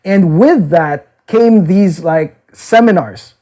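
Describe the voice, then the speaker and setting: A man's voice: high voice, expressive, slow, dark tone, poor audio. A man casually recounting his past as a dating seminar teacher, peppering his talk with "okay?" and "like". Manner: frequent "okay?" and "like" fillers. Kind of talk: casual storytelling interview. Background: children.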